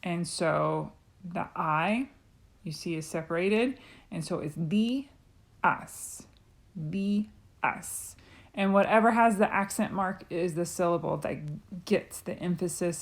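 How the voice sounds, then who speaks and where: A woman's voice: fairly low pitch, normal speed, creaky. A woman, a Spanish teacher, patiently explaining a lesson with frequent ums. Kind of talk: recorded classroom lesson.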